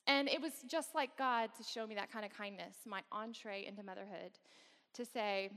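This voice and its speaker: A woman's voice: medium pitch, moderate pace, pushed and bright. A woman guest speaker at a campus worship service, telling a personal story candidly with wry, self-deprecating humor. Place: large worship hall. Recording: long reverb of a large hall.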